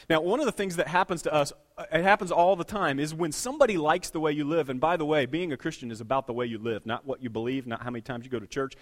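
A middle-aged pastor with a medium-pitched voice preaches a sermon built on everyday stories, swinging between hushed remarks and loud, emphatic lines.

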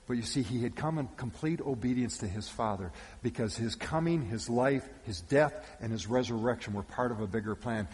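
A male pastor giving a sermon with animated storytelling, shifting between loud calls and hushed asides. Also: mid-range voice. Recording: long reverb of a church hall.

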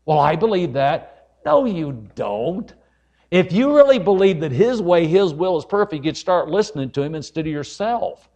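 An evangelist with a high, mellow voice preaches at a church service, very animated but at a moderate pace. Fervent and folksy, he addresses the congregation as "folks" again and again, climbing to emphatic high points, all on dull-sounding audio.

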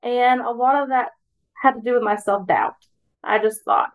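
A woman speaks in an earnest, steady way as a podcast guest. Her voice sits a touch high, and her tone stays encouraging. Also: moderate pace, low-quality recording. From Alabama, US. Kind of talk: personal reflection in conversation.

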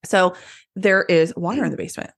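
A woman's voice: on the low side, a little fast, creaky, breathy edge. A young woman co-hosting a casual podcast, chatting and laughing along with her co-host. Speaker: podcast co-host, salon owner. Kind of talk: casual chat.

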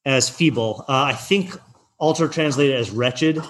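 A man's voice: mid-range voice, measured pace, a little hiss or hum. A man teaching an online text study class, reading passages out and translating them in a loose, chatty way with plenty of fillers and restarts.

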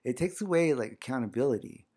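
A man's voice: mid-range voice, expressive, fast talker, a little mellow, slightly rough. A man talking casually as a guest, telling a personal story with lots of fillers and acting out what people said. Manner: rambling with many fillers, acts out quoted dialogue. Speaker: guest organizing a community series.

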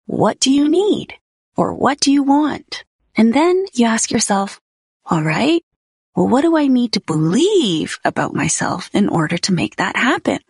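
A woman's voice: on the low side, gravelly, slightly rough, no echo, clean studio sound. A woman hosting a solo podcast, talking in a candid, personal way and laughing easily. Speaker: podcast host.

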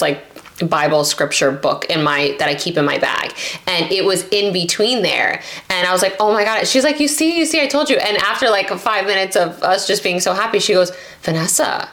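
A woman's voice: lowish voice, a bit bright. A young woman hosting a podcast, chatting casually and telling stories, quoting friends in her own voice. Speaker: podcast host. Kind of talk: casual chat.

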